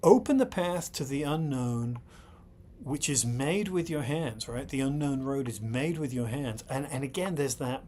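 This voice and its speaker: A man's voice: mid-range voice, darkish tone, a little hiss or hum. A middle-aged man hosting, giving thoughtful analysis of song lyrics, often checking in with his listener and turning blunt when he calls out critics. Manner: thoughtful, repeatedly checks in with "right?". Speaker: host.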